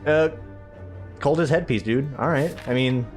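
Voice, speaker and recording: A man's voice: mid-range voice, a little slow, soft background music. A man giving casual, rambling gameplay commentary full of sarcastic asides. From United States. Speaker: let's play gamer.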